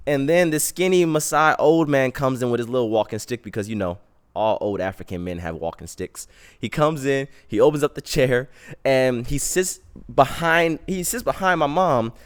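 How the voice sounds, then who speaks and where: A young man hosting a podcast, telling a story in a casual, slangy way and acting out the quotes. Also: mid-range voice. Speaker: podcast host.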